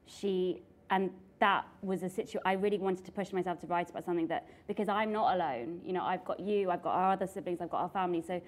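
A young woman, an author and actress, chatting casually with her sibling and telling stories with lively laughter. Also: fairly low pitch, fast talker, few pauses. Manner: animated storytelling with frequent laughter.

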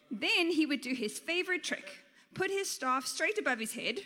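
A woman's voice: high voice, bright, forceful tone, in a large hall. A woman teacher giving a playful storytelling sermon, laughing often and talking informally. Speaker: teacher and guest speaker.

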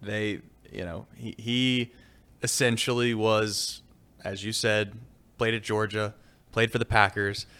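A man's voice: on the low side, steady tone, slow pace, a bit bright, smooth. A man co-hosting a casual sports talk show, musing on the feeling of winning in a rambling, reflective way. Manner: reflective, rambling, lots of fillers. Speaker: podcast co-host.

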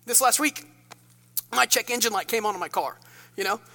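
Male pastor, bright tone, self-deprecating storyteller, sermon recorded in a reverberant church. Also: very high-pitched, brisk, creaky. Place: church sanctuary.

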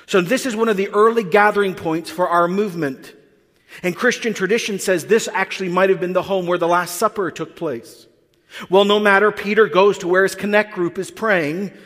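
A man's voice: sits high, fairly bright tone. A man preaching a sermon, telling the story with animation and acting out the characters. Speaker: pastor. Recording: long hall reverb.

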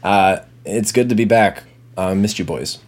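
A man's voice: lowish voice, unhurried. A man hosting a casual beer podcast with friends, playful and goofy. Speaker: podcast host. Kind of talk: casual chat about beer.

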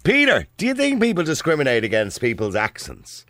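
Animated radio phone-in host. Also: male voice, on the high side, brisk, dry recording, studio quality. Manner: chatty, animated and laughing readily. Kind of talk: casual talk radio chat. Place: radio studio.

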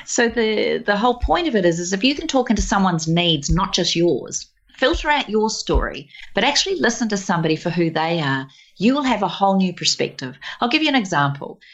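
A woman guest telling lively anecdotes in conversation, acting out quotes with warmth. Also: mid-range voice, fairly quick, muffled recording. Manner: animated, warm anecdotes with laughs and acted quotes. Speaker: guest speaker. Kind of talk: conversational storytelling.

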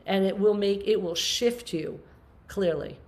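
A woman's voice: medium pitch, unhurried, darkish tone. A woman in her fifties, a podcast guest, talking earnestly and passionately in a rambling way, with restarts. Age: 50s. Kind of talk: emotional conversational interview.

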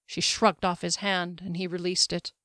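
A woman reading a fantasy novel aloud in a measured, even way. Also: lowish voice, no room sound, clean studio sound. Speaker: narrator. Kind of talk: scripted audiobook narration.

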